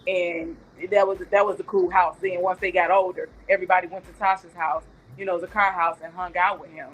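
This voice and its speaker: A woman's voice: on the low side, level tone, fairly quick, slightly rough, rough recording. Woman fondly reminiscing about a nephew. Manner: chatty, rambling, tender storytelling. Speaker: guest, aunt of the deceased. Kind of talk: casual remembrance on a talk show.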